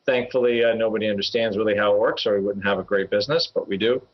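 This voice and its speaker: On slightly muffled podcast audio, a regular co-host who's an options trader talks markets casually and fast in a fairly low voice. He rambles through his trades, full of fillers and small chuckles.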